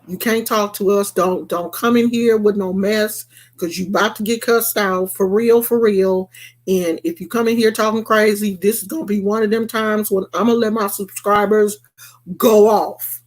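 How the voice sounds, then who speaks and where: A woman's voice: mid-range voice, fairly even intonation, normal speed. A woman vlogger delivering a blunt, repetitive rant to her viewers. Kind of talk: emphatic rant to camera.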